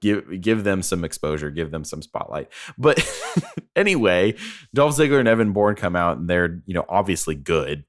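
Lively low-voiced man, laughing chat. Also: normal speed. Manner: laughs often, chatty and playful. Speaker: podcast co-host. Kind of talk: casual wrestling review chat.

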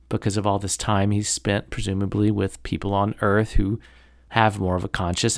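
A man's voice: fairly low pitch, vocal fry, no room sound, clean studio sound. A man hosting a podcast, chatting casually and critically about a novel, rambling with lots of fillers. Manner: rambling, many fillers and hedges; critical, opinionated commentary. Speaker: podcast host discussing a novel. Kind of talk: casual chat.

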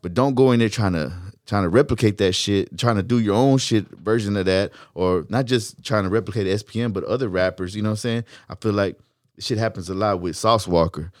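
A man's voice: lowish voice, fairly quick, dry recording, clean studio sound. A man with a Houston accent talking bluntly and profanely as a rapper being interviewed. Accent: Houston, Texas. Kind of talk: casual interview chat.

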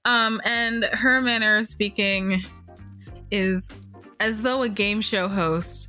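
A woman's voice: mid-range voice, measured pace, sharp tone, faint music behind. A woman co-hosting a community radio game show who reads station announcements and chats in a giggly, self-deprecating way. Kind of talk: casual chat and station announcement.

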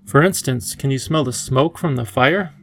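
A man voicing a wise, playful elderly male professor who talks in a gentle, enthusiastic teacherly way. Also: mid-range voice, moderate pace, soft background music. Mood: kindly.

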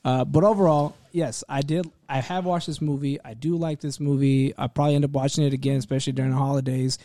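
A man's voice: mid-range voice, steady tone, quick pace, dark tone, no room sound, clean studio sound. A man on a podcast giving his take on a movie in an easygoing, chuckling way. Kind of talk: casual movie review chat.

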